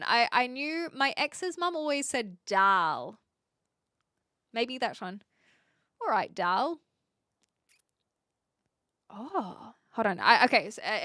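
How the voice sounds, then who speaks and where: A woman's voice: on the high side, fairly bright tone, no echo, clean studio sound. A woman in her twenties with a New Zealand accent, chatting casually with her live stream viewers, laughing often and teasing herself. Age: 20s.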